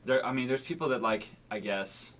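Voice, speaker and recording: A man's voice: medium pitch, moderate pace, fairly bright tone. A young man co-hosting a podcast in casual chat, talking hesitantly with lots of fillers. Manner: hesitant, lots of likes and ums. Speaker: podcast co-host and musician.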